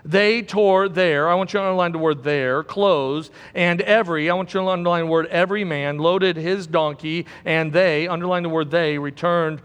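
A man's voice: a little high, steady tone, moderate pace, hardly any pauses, fairly bright tone, clear, resonant tone, big-room sound. A man preaching a sermon as pastor, emphatic and repeating key words for stress.

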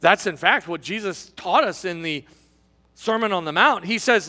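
A man preaching a sermon as pastor, impassioned and rising, then dropping to a hush for key lines. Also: high voice, expressive, moderate pace. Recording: large hall with long reverb.

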